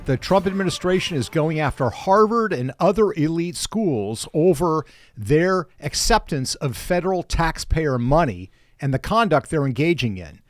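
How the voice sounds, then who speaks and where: A man hosts a political talk podcast, his voice sitting a little high for a man. He talks briskly and conversationally and slips in joking asides. The sound is dry and close, with no room echo. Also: animated, soft background music. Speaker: podcast host.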